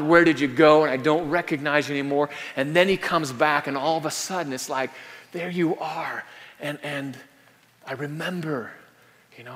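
A man preaching a sermon in an easy, conversational way. He often repeats himself, adds tag questions, and goes quiet and hushed when he quotes prayers. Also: medium pitch. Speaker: pastor. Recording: hall reverb.

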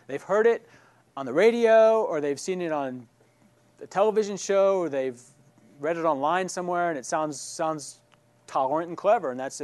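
A man teaching a church class who keeps checking in with his listeners, asking "right?" and "all right?". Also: on the high side. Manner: asks questions and checks in with "right?".

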